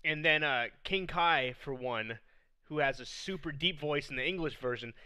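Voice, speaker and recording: A man's voice: a little high, moderate pace, bright, forceful tone, smooth, dry recording. A man co-hosting a podcast, chatting casually and laughing often. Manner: laughs often, does mocking voice impressions. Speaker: podcast co-host.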